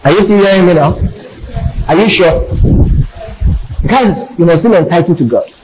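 A man's voice: high voice, normal speed, a little mellow, slight background noise, poor audio. A middle-aged man with a Nigerian accent preaching a sermon in church, repeating key phrases and constantly checking that the congregation is following. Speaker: pastor.

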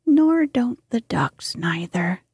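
A woman's voice: medium pitch, lively intonation, takes it slowly, a little mellow, dry recording, clean studio sound, heavily acted. Rat, a cheerful water rat whispered by a woman. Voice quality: breathy whisper. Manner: hearty and eager. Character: cheerful, good-natured male water rat. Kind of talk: whispered role-play.

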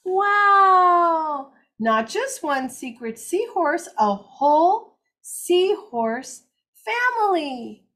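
An older woman reading picture books to little children in an animated, expressive, gentle way. Her voice is high and lively, moving through a wide melodic range. She reads slowly and deliberately. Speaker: circle time teacher.

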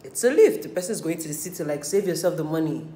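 A woman's voice: low voice, steady tone, racing, mellow. A woman telling stories in casual chat while doing her makeup, candid and full of swearing and acted-out quotes. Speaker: beauty vlogger. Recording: echoey room, faint hiss.

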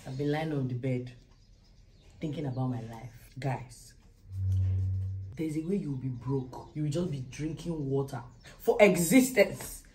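A woman's voice: rumbling low, dark tone, a little hiss or hum, rough recording. A young Nigerian woman with a Nigerian accent, chatting casually to camera at home in a vlog, joking about being broke. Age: young adult. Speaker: vlogger. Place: at home, indoors.

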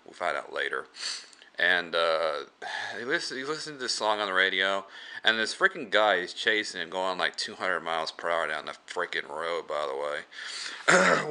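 Man, casual movie review, rambling, lively pitch, slow. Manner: rambling, with many fillers and restarts.

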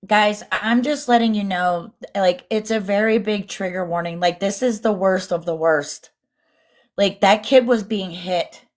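A woman co-hosting a casual livestream, reading viewer comments aloud in an indignant tone. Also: medium pitch. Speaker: livestream co-host. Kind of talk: casual live-stream chat.

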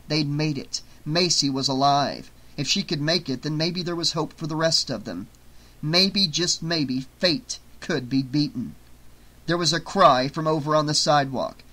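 A man narrating an audiobook in a steady, dramatic storytelling manner. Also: on the high side, poor audio.

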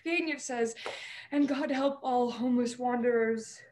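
A young woman playing a troubled young actress in a stage drama over a video call, emotional and often dropping to a hushed near-whisper. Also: on the high side, normal speed, a little hiss or hum, close to an everyday voice. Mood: wistful. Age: young adult. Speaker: student actor. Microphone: video call microphone.

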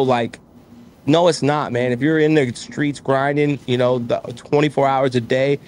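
A man's voice: medium pitch, normal speed, slight background noise. A man in his thirties, a business owner being interviewed, talking candidly and acting out the voices of people in his stories. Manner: candid, animated storytelling, acts out quoted voices. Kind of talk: casual conversational interview.

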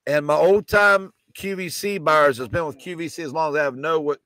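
A man running a live auction, calling prices in a rapid chant with repeated numbers and coughing now and then. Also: on the high side, pushed and bright, no echo. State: coughing, choked up. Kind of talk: live online auction selling.

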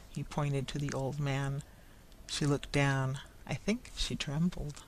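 A narrator reading a classic story aloud in a measured, even storybook manner. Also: medium pitch, low-quality recording.

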